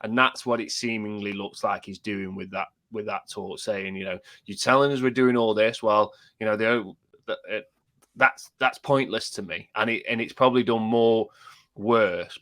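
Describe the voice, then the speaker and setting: A man on a football podcast, calm and measured, explaining a point step by step. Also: fairly low pitch. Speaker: podcast co-host. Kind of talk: casual football chat.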